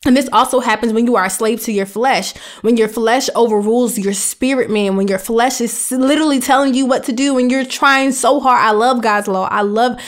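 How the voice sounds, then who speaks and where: A woman's voice: a little high, a little fast, few pauses. Earnest woman hosting a faith podcast. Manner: earnest, conversational, emphatic. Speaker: podcast host.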